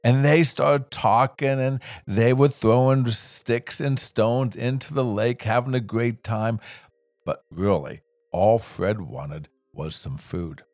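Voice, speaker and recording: A man telling a children's story in a gentle, unhurried, expressive way. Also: mid-range voice, no echo, studio quality.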